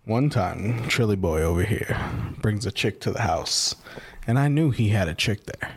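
Animated podcast co-host, man with a bouncy, lively voice, teasing storyteller. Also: on the low side, moderate pace, slightly rough. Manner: animated, teasing, laughs while telling a prank story. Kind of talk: casual storytelling chat.

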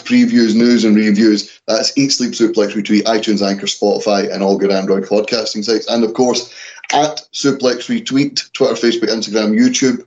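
A man's voice: mid-range voice, darkish tone. Dry-humored man hosting, dull sound. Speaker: podcast host. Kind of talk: casual podcast chat.

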